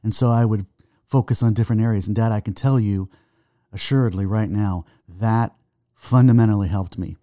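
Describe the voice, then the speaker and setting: A middle-aged man giving an earnest faith testimony in conversation, halting and restarting, reciting verses slowly. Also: fairly low pitch, mellow, dry recording, clean studio sound. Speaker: guest, son of the host.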